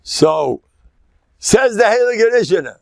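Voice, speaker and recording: Older rabbi, gravelly joking lecture. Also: male voice, high-pitched, sing-song, slow pace, darkish tone, dry recording. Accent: American English with Yiddish-inflected phrasing. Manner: chatty, joking, laughs often, mixes in Yiddish and Hebrew phrases. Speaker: rabbi giving a Torah class. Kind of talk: informal Torah lecture.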